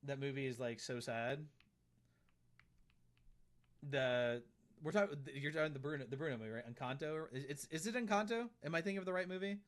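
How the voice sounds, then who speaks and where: A man's voice: a little high, brisk, pauses often. A man streaming live, chatting casually and reading out and answering comments from his chat, often repeating himself.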